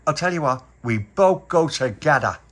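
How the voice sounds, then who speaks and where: A man's voice: fairly high pitch, animated, normal speed, fairly bright tone, voice pushed up. A man voicing a stubborn, suspicious little man who refuses to be tricked. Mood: indignant. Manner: stubborn, indignant.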